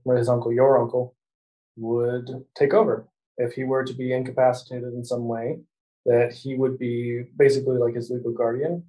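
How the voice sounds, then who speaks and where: A man runs a tabletop role-playing game as game master. His voice is mellow and dark, and his delivery is relaxed, with frequent laughter. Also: medium pitch, poor audio.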